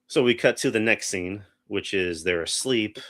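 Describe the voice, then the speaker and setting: A man's voice: lowish voice, normal speed, fairly bright tone. A man co-hosting a podcast, chatting casually through a movie review, rambling with restarts. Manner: rambling, full of restarts and acted-out quotes. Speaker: podcast co-host.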